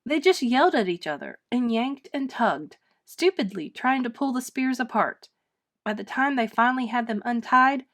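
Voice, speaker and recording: A woman reading a children's storybook aloud with dramatic, expressive narration. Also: on the high side. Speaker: storybook reader. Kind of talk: children's book read-aloud.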